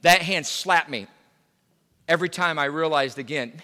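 A man's voice: fairly high pitch, moderate pace, bright, forceful tone, big-room sound. A male pastor preaching a sermon in a conversational way, full of fillers and restarts. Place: church sanctuary.

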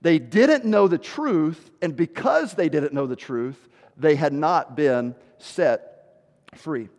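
A male pastor preaching a sermon with emphasis, dropping low and slow for scripture and rising loud to stress a point. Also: lively intonation, big-room sound.

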